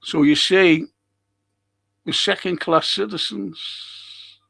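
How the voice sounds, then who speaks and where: Liverpool man, middle-aged, stream host; slow, blunt, indignant ranting, a bit high-pitched. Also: creaky, a bit bright. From England. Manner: blunt, indignant, swears freely. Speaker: host of a live talk stream. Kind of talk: rambling monologue reading viewer comments.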